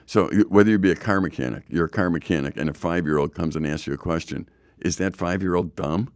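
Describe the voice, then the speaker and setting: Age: middle-aged. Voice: very deep. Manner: blunt. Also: male voice, fast, dry recording, clean studio sound. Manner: blunt, opinionated, stammers on restarts. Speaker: podcast co-host. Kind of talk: casual discussion.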